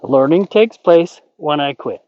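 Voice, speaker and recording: Calm, soothing male horse trainer. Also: fairly high pitch, unhurried, highs cut off. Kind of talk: training commentary.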